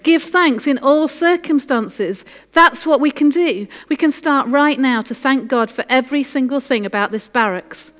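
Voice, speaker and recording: A woman's voice: sits high, moderate pace, hardly any pauses, a bit bright. Woman reading as a serene, devout prisoner. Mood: eager. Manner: serene, matter-of-fact. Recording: echoey hall.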